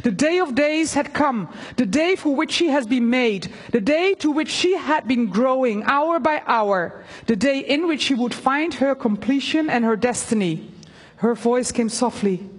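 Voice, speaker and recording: A woman preaching a sermon and reading a story aloud, earnest and halting, with fillers. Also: high voice, expressive, husky, big-room sound.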